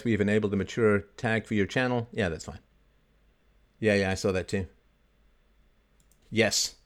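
A middle-aged man hosting a livestream monologue, mocking and laughing often as he acts out quoted voices. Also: fairly low pitch. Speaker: livestream host.

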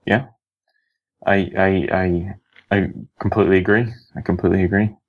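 Hesitant low-voiced male caller. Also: level tone, rough recording. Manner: hesitant, halting restarts.

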